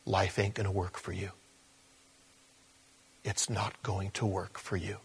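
Husky-voiced man preaching. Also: low voice, little pitch movement, measured pace. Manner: storytelling, swinging from quiet asides to loud emphatic peaks. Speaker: pastor. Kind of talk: sermon.

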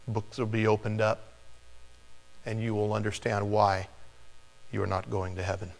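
Animated male preacher in a reverberant hall. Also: lowish voice, normal speed, gravelly. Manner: animated, chuckling storyteller. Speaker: pastor. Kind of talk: sermon with personal storytelling.

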